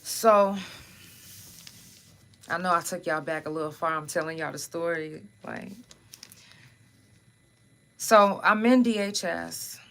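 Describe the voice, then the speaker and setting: Lady podcast host, low-ish but bright punchy voice, raw and cussing. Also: takes it slowly, vocal fry, long pauses, a little hiss or hum. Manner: raw, profane, conversational. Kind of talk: candid personal storytelling.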